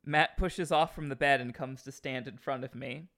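A man's voice: mid-range voice, steady tone, moderate pace, creaky, fairly bright tone. A man co-hosting a comedy podcast, reading a romance novel aloud with theatrical, mock-serious delivery and joking between passages. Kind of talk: comic dramatic reading and banter.

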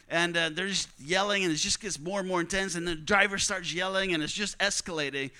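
A man's voice: sits high, fairly quick, hardly any pauses, bright, forceful tone, smooth. A man preaching a sermon to students, telling stories earnestly and repeating key lines for emphasis. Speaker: missionary preacher.

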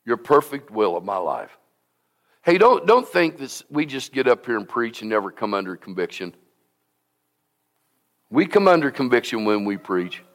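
A pastor preaching a sermon to his congregation in a church, swinging from hushed to loud and repeating phrases for emphasis. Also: mid-range voice. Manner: impassioned preaching with sudden swings from soft to loud. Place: church sanctuary.

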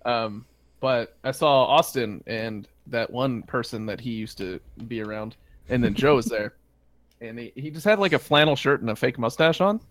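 A man's voice: medium pitch, moderate pace, dry recording. Young man, casual chat, acts out quotes, dry close sound. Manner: animated, swears freely, acts out quoted lines.

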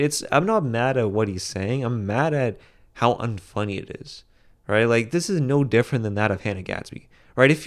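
A young man hosting a solo podcast, giving rambling, opinionated commentary full of restarts and fillers. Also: lowish voice. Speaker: podcast host.

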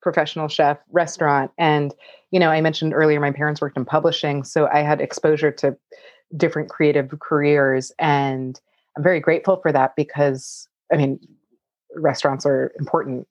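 A woman's voice: deep voice, a little mellow, no room sound, highs cut off. A woman cookbook author answering audience questions in casual chat, laughing often and saying "like" a lot. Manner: chatty, laughs often, many "like" fillers.

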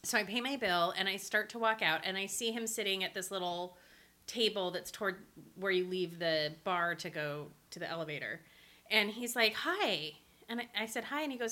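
A woman co-hosting a casual podcast chat, telling an animated story and laughing often. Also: medium pitch, fairly quick. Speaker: podcast co-host.

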